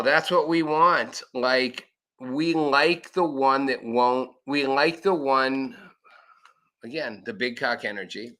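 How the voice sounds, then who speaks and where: Blunt, bright-voiced male show host. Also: mid-range voice. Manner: blunt, profane, acts out quoted voices. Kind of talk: opinionated live commentary.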